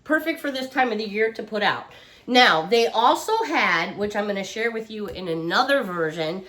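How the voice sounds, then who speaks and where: Still getting over being under the weather, a woman sits on her couch at home and chats casually about her shopping haul, full of gushing exclamations. She speaks at a moderate pace in an expressive, medium-pitched voice with a fairly bright tone.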